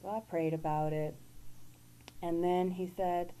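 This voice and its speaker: A woman guest giving an earnest, halting personal testimony. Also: lowish voice, steady tone, mellow, smooth, rough recording.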